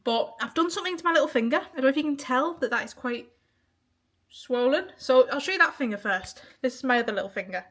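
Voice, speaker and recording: A woman's voice: high-pitched, animated, fast, fairly bright tone. A young woman from the of England talking casually to camera in a weekly vlog, chatty and open, swearing freely and laughing often. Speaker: vlogger.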